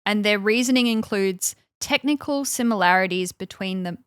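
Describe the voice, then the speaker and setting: A woman's voice: medium pitch, normal speed, smooth, no room sound. Chatty woman podcast co-host, dry sound. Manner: chatty storytelling with frequent fillers and acted quotes. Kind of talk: casual chat, recounting events.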